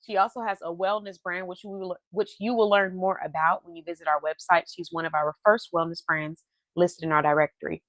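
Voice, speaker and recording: A woman hosting a livestream from home, chatty and quick to laugh, talking over a video call. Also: on the low side, steady tone, a bit bright, dry recording. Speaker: livestream host. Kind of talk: casual chat.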